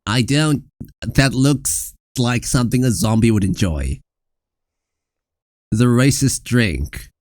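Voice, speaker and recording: A vtuber reacting to cooking clips in casual, rambling commentary with sudden bursts of yelling. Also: medium pitch, animated, slow, pauses often, no echo, studio quality.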